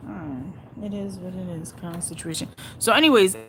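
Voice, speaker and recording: A woman's voice: lowish voice, a little fast, a bit bright, a little hiss or hum, low-quality recording. A woman hosting a casual live stream, chatting bluntly and profanely with her viewers and laughing often. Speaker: livestream host reading viewer comments.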